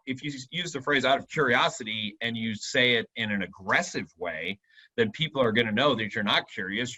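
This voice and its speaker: Guy with a husky, kinda edgy voice, walks through how to handle sales calls, gentle questioning tone. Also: mid-range voice, poor audio. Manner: explanatory, demonstrates a softly questioning tone. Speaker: real estate coach. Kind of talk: casual training discussion.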